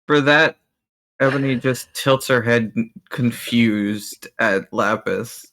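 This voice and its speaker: A man's voice: medium pitch, slow pace, fairly bright tone. A man playing a tabletop role-playing game over voice chat, narrating his character's actions in short remarks. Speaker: player.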